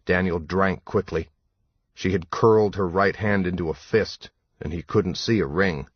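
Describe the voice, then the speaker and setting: Deep, slow, husky male audiobook narrator. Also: dry recording, lo-fi sound. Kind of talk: scripted narration.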